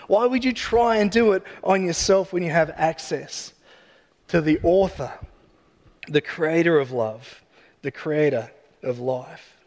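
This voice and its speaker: Man, high voice, casual joking preacher, sermon, long reverb.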